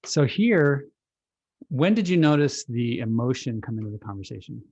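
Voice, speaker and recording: Husky guy explaining stuff on a video call, relaxed and reflective, dry dull audio. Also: medium pitch, moderate pace, dry recording. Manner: relaxed, reflective, uses analogies. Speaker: author presenting his book.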